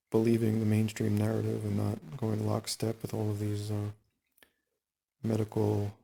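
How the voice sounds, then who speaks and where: A man reading book excerpts aloud and adding his own comments, unhurried and full of pauses and fillers. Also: lowish voice, gravelly, warm tone. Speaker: reader and commentator.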